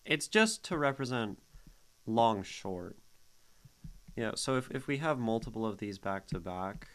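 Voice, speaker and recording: Hosting a stream, a man casually critiques a poem, humming out its rhythms and laughing often. He has a fairly low, fairly bright voice and speaks slowly with frequent pauses. He explains the rhythm by vocalizing the beats, keeping it chatty as a streamer reading and critiquing poetry.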